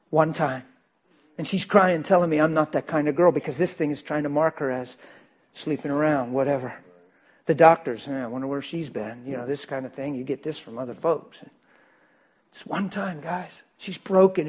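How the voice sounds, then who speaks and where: Husky-voiced preacher telling a story. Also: male voice, on the high side. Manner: animated, swings between loud and hushed. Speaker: pastor. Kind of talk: sermon storytelling.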